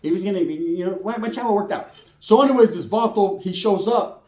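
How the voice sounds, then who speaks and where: A man's voice: sits high, fairly quick, a little mellow, roomy sound. A man telling a prison story in casual slangy street talk with Spanish words, acting out the other people's lines.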